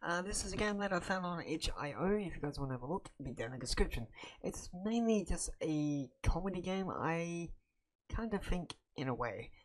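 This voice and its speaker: Woman host, casual let's-play commentary, lowish voice with a lively swing, excitable. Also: normal speed, dry recording. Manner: excitable, swears, blurts out reactions. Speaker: gaming channel host.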